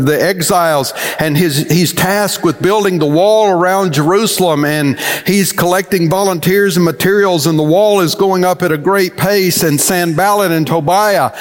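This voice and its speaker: Folksy preacher in a reverberant hall. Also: male voice, high voice. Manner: storytelling, animated and folksy. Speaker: pastor. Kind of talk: sermon.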